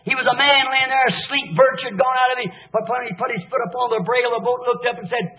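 High-voiced fiery preacher, tinny echoey tape. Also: male voice, a little fast. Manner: fervent, swings between shouting and hushed lows. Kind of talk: impassioned revival sermon.

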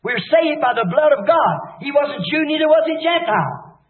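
High-voiced fiery preacher, tinny echoey tape. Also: male voice, lively intonation, moderate pace. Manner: fervent, swings between shouting and hushed lows. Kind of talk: impassioned revival sermon.

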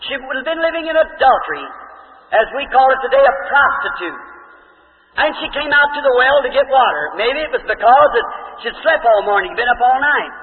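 A male preacher telling a Bible story in a folksy, conversational sermon and stopping to ask his listeners questions. His voice sits very high. The sound is thin and phone-like, with a long hall echo. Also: lively intonation, a little fast.

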